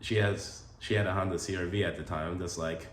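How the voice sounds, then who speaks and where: Deep-voiced man rambling through a personal story. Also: steady tone, quick pace. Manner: rambling, many "like" fillers, emotional. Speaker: vlogger telling stories about his late partner. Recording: roomy echo with faint ambient noise.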